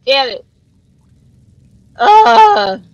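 A young woman streaming a horror game, cursing, yelling at the screen and laughing nervously as she plays. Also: high-pitched, very animated, very slow, dry recording, dull audio. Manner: laughs nervously between jumps. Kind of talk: live gameplay commentary.

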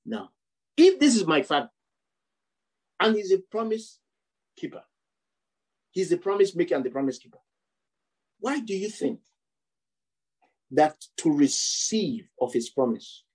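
A man preaching a sermon, piling up rhetorical questions and repeated phrases with slow, drawn-out emphasis. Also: on the high side, sing-song, darkish tone, breathy edge, poor audio.

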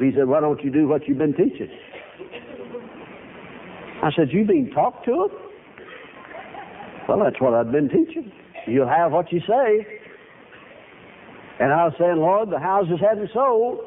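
An older man preaching a sermon, telling folksy, animated stories full of quoted dialogue. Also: on the high side, normal speed, pauses often. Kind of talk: storytelling sermon. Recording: tinny phone-like archive recording, faint hiss.

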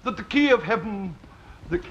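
An actor playing a pompous, flustered bishop in a 1960s studio sitcom, on a muffled old TV recording with faint hiss. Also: male voice, sits high, animated, normal speed, fairly bright tone. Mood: anguished. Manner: pompous, flustered, grandly quoting scripture. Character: pompous fussy middle-aged male bishop.

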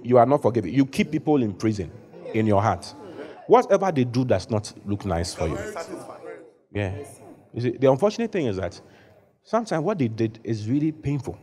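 A man preaching a sermon to a congregation in a large church hall, animated, at times shouting. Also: medium pitch, fairly quick, pauses often, some chatter behind. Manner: animated preaching, rising to shouts when acting out the story. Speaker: bishop preaching.

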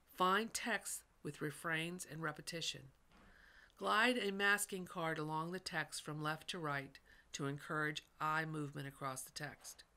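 A narrator with a bright, crisp tone reads a teacher training module aloud. The delivery is steady and instructional, with every sentence paced for clarity. The pitch sits in a middle range.

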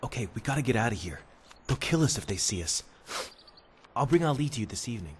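Actor playing a tough teenage street boy, blunt and swearing, dubbed drama, middle pitch, very lively swings. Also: quick pace, a little hiss or hum, close to an everyday voice. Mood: urgent.

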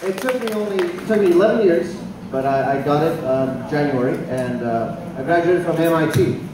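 A man doing stand-up in front of a live audience, teasing and chatting with the crowd in a loud, playful way. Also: fairly high pitch, fairly quick, far from the mic, noisy background. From El Paso, Texas. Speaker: stand-up comedian. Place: comedy show stage with a live audience. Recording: echoey live venue, mic from afar. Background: audience laughter and chatter.

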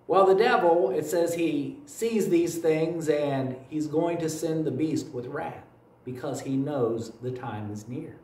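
A man's voice: on the high side, measured pace, a little mellow. A man with a Kentucky accent preaching a sermon as pastor of a church, telling folksy stories with repeated phrases. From United States. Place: church sanctuary. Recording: echoey room, voice from a distance.

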